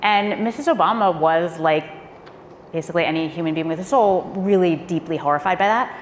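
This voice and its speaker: Candid woman panelist, lowish voice, echoey hall, faint room hum. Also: a little fast. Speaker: former speechwriter on a panel. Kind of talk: panel discussion storytelling.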